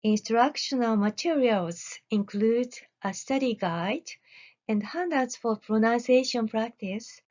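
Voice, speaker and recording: Slow, measured woman presenting research. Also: on the high side, darkish tone, muffled recording. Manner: measured, deliberate reading with careful pauses. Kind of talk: recorded academic presentation.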